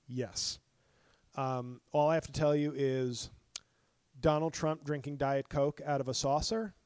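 A middle-aged male comedian with a hoarse, worn voice, talking in a profane, passionate solo podcast rant full of restarts. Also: a little high, steady tone, measured pace, darkish tone, no echo, studio quality. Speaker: stand-up comedian and podcast host. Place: apartment.

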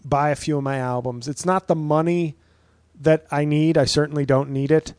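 A man in his thirties talks alone into a podcast mic in a loose, rambling monologue, wry and freely profane. His voice sits a bit high for a man. The sound is close and dry, with no room in it. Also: steady tone, moderate pace, darkish tone, no echo. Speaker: podcast host and stand-up comedian. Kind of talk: casual solo podcast monologue.

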